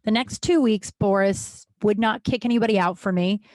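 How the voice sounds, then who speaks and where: A woman's voice: mid-range voice, moderate pace, darkish tone, no room sound. A woman in her thirties hosting a podcast from a small room at home, telling a personal story in a blunt, frank way, swearing freely and restarting sentences. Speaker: podcast host.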